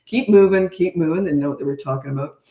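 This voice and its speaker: A middle-aged woman parenting coach answering questions in a blunt, brisk, no-nonsense way. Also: low voice, mellow. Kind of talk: casual Q&A advice. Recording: echoey room.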